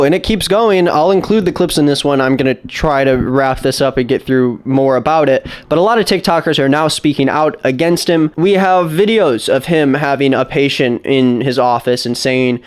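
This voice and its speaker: A man's voice: mid-range voice, moderate pace, few pauses. A man giving a blunt, indignant commentary on a video. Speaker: commentary YouTuber. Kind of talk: casual commentary.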